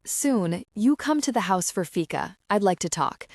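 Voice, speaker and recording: A woman voicing an older Swedish mother with a soft Swedish accent, gently insistent. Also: medium pitch, animated, normal speed, no echo, clean studio sound, lightly acted. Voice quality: soft-spoken.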